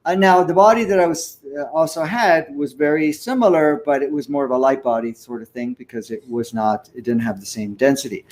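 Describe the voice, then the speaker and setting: An older man in his sixties recounts a personal experience in conversation. His voice sits a little high for a man, and he talks in an earnest, animated way, breaking into the odd chuckle. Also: brisk, hardly any pauses. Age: 60s. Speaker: guest. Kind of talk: conversational storytelling.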